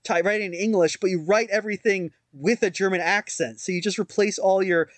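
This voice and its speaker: Higher-voiced man rambling on a podcast. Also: brisk, dry recording. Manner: rambling, self-mocking, lots of fillers and restarts. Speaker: podcast co-host. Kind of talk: casual chat.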